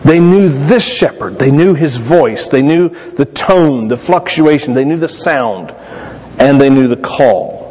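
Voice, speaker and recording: A man preaching a sermon as pastor, telling stories with lively jumps in pitch. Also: measured pace, slightly rough. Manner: animated storytelling with sudden rises in pitch. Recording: dull lo-fi sound in a reverberant hall.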